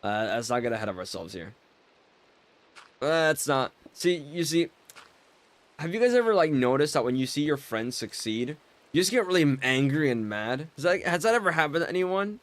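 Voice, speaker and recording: Slightly high and swinging widely in pitch, a man's voice runs at normal speed as he plays a game live. He banters casually with his audience, teasing them with mock offense, and often stumbles over and repeats words while joking.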